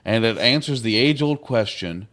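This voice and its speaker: Lively man retelling a story. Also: medium pitch, normal speed. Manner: animated retelling with playful put-on voices. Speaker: podcast co-host. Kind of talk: casual chat, recapping an episode.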